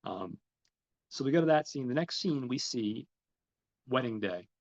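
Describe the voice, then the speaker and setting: A man's voice: medium pitch, expressive, measured pace. A man hosting a podcast, recapping a film in a rambling way with many ums and restarts. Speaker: podcast host. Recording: slightly dull, lo-fi recording.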